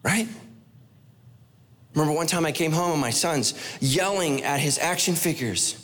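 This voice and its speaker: A man preaching a sermon as pastor, animated, firing rhetorical questions at the congregation with playful asides. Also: fairly high pitch, normal speed. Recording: long echoey hall reverb.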